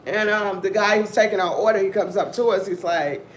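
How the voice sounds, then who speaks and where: A woman hosting a casual commentary stream, telling stories in a rambling, profane, animated way. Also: medium pitch, brisk. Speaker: host of a news-and-commentary stream. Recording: echoey room, faint background noise.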